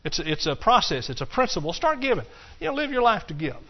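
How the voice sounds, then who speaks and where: A pastor preaching a sermon to his congregation in a folksy, animated way, swinging between loud bursts and hushed asides. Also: high voice, quick pace, muffled recording. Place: church.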